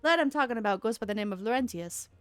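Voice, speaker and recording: A woman's voice: on the high side, animated, fast, smooth, no room sound, faint music behind, lightly acted. A woman voicing a stern male military commander giving orders, reading game dialogue aloud. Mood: firm.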